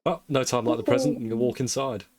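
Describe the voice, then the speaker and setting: A man's voice: medium pitch, fast talker, a little mellow, dry recording. A man playing a tabletop game, talking casually and joking. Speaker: player.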